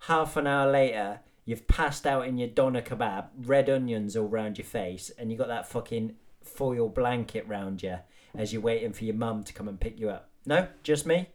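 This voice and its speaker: A man's voice: medium pitch, normal speed. A man hosting a podcast, delivering a rambling comic monologue full of swearing and matey banter. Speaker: podcast host.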